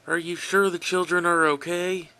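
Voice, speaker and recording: A man voicing a hoarse, upset young man who sounds close to crying. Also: high-pitched, level tone, normal speed, sharp tone, pitched above the performer's own voice, rough recording. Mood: eerie. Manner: eerie, repetitive, upset.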